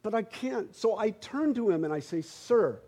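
Husky high-voiced pastor telling a story. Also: male voice, animated, normal speed, mellow. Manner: conversational, humorous, repeats words when starting sentences. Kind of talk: storytelling sermon.

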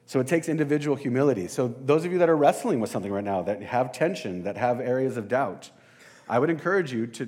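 A man's voice: medium pitch, a little mellow. A man preaching a casual sermon, talking conversationally and with some self-deprecation, and addressing the congregation directly.

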